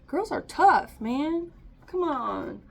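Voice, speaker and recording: A woman's voice: high voice, very animated, drawn-out words, creaky. A woman giving a casual, chatty tarot reading to camera, encouraging and often laughing. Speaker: tarot reader.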